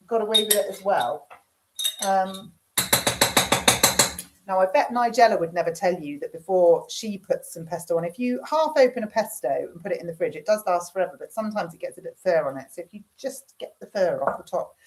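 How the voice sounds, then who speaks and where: A woman's voice: medium pitch, animated, moderate pace, darkish tone. A middle-aged woman, chatting frankly with viewers and reading out their comments while she cooks dinner. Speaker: livestream host. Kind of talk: casual chat, answering viewer comments. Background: cooking dinner while talking.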